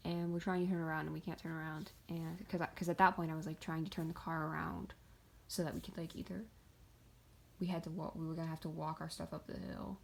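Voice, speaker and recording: A woman's voice: sits low, little pitch movement, fast, vocal fry, slight background noise. A young woman from the Pittsburgh area telling a story in a casual, rambling way, full of fillers and swearing. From greater Pittsburgh area. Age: young adult. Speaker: vlogger.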